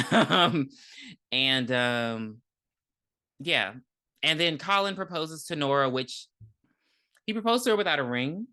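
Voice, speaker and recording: Podcast co-host: easygoing man, bright tone, loose jokey recap, plenty of ums. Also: on the high side, expressive. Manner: loose, joking, quick to laugh, many ums. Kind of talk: casual TV recap chat.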